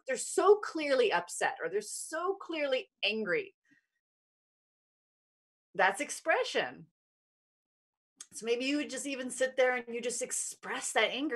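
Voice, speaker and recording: A woman's voice: mid-range voice, a bit bright. A young adult woman giving a casual teaching talk, speaking earnestly and conversationally to her listeners. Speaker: spiritual teacher.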